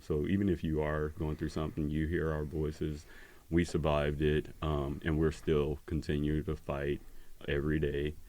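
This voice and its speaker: A man's voice: extremely low pitch, darkish tone. A man hosting a podcast, talking in a reflective casual way with many fillers. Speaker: podcast host. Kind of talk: casual chat.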